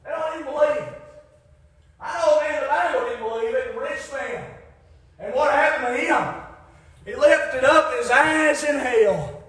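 A man preaching a fiery revival sermon, shouting at his peaks, then dropping low for emphasis, with folksy grammar. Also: moderate pace. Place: church. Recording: very echoey church hall.

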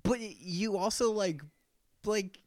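A man's voice: sits high, takes it slowly, darkish tone, no echo, studio quality. A young man co-hosting a podcast, chatting casually and animatedly with lots of fillers and laughs. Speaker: podcast co-host. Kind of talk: casual chat.

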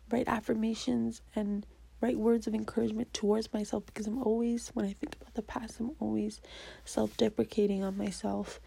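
Soft-spoken young woman with a gravelly edge. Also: on the high side, rough recording. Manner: earnest, often drops into a half-whisper, repeats affirmations. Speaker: vlogger. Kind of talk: personal goal-setting talk to camera.

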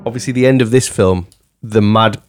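A man's voice: lowish voice, normal speed, over music. A man hosting a casual podcast, jokingly running a film trivia quiz and laughing often. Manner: jokey, laughs often, quizzes the others. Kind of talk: casual chat.

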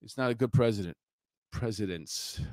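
A man's voice: lowish voice, moderate pace, darkish tone, no echo. A middle-aged man, a former police officer telling a story in a blunt, rambling way with many fillers. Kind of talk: casual storytelling commentary.

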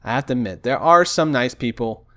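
A young man vents in a casual storytelling rant, exasperated and restless, at a middling pitch. He acts out both sides of the phone calls he describes, jumping between voices. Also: animated, a little fast, a bit bright. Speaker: vlogger. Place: home desk.

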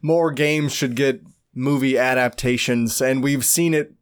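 Smooth-voiced casual podcast host, a man. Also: mid-range voice, fairly even intonation, a little slow. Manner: easygoing, reads news out loud. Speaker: podcast host reading news. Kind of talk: casual gaming podcast chat.

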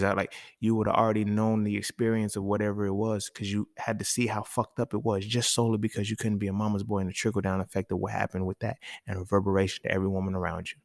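Gravelly man with AAVE speech. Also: lowish voice, level tone, fast, few pauses, no echo. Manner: casual, conversational, emphatic, profane. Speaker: podcast host. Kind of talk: solo podcast monologue.

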